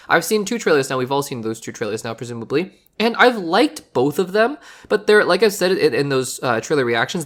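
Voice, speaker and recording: A podcast host with a hoarse voice from recently losing it, giving earnest, rambling casual commentary on films and often restarting phrases. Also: mid-range voice, fairly bright tone.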